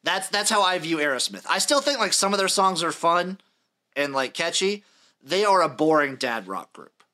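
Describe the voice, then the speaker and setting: A bright, somewhat high-pitched young man in his late twenties hosts a casual sports podcast. He runs through a list in order, reading out dates and acts with dry asides. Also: very animated, normal speed. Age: late 20s. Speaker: podcast host.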